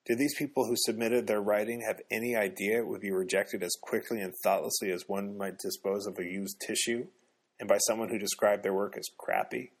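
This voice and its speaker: A man narrating a novel in measured, even storytelling. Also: lowish voice, breathy edge. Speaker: audiobook narrator. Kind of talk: scripted narration.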